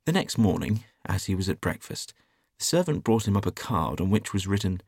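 Low voiced guy reading a story aloud, steady, dry close sound. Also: fairly quick, creaky, slightly rough, no room sound. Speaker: audiobook reader. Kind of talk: scripted narration.

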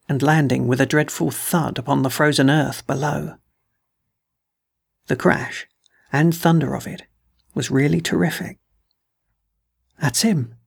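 Man narrating a story, raspy, gravelly, fairly high voice, measured. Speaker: audiobook reader. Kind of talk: scripted narration.

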